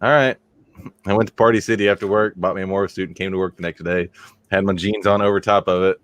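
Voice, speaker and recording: A man with a fairly low voice spins long, crude anecdotes in loose podcast banter. His delivery rambles and circles back, and the sound is dry with little room echo. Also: flat delivery, quick pace. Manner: rambling, crude storytelling with laughs. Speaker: podcast co-host. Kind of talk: casual podcast chat.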